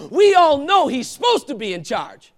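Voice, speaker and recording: A man preaching with fervor, his fairly high voice leaping and dropping across a wide range. He pushes hard on some phrases and lets others fall to a near hush, talking straight to his congregation. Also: huge pitch swings, takes it slowly. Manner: impassioned, swinging from loud calls to hushed asides. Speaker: pastor. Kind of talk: sermon.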